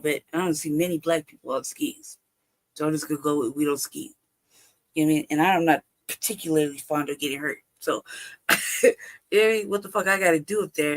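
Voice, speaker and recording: A mid-pitched host on a home livestream rambles through a personal story in casual talk. The speech is full of cursing and frequent laughter, and the speaker plays out both sides of a remembered conversation.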